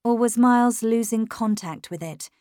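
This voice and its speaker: A woman reading a first-person story aloud in a measured, clear way. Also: a little high, darkish tone, no echo, studio quality. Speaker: narrator.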